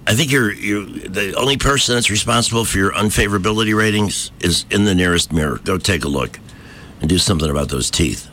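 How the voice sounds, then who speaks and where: A man's voice: fairly low pitch, a little fast, sharp tone, slight background noise. A man hosting a talk radio show, delivering combative, mocking opinion commentary from a studio microphone.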